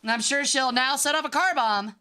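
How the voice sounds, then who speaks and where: A woman streaming a game with casual commentary. She sounds bratty, swears freely and reacts fast. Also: high voice, bright, forceful tone, clear, resonant tone.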